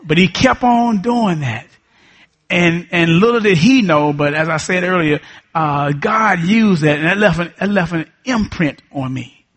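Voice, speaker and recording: A pastor in his fifties preaches with a husky, slightly high voice. He hammers his points with repetition and asks for responses from the congregation. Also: animated, a little slow, fairly bright tone. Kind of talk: sermon.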